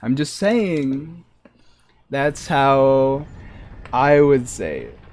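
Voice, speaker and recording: Male streamer, casual joking commentary to chat over gameplay, average pitch. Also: lively intonation, very slow, darkish tone. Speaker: streamer playing a modded game.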